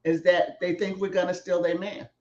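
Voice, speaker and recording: A woman's voice: lowish voice, level tone, moderate pace, darkish tone. Woman in her fifties, casual chat, muses and laughs, echoey room, muffled sound. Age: 50s. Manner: laughs while talking, musing and questioning. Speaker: guest. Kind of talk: casual talk show chat.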